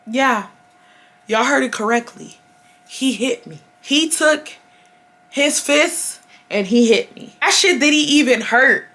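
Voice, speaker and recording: A woman in her twenties from Houston, Texas, telling a high school story to her viewers in a casual, animated way with lots of slang and swearing. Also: slow pace. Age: 20s. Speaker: storytime vlogger.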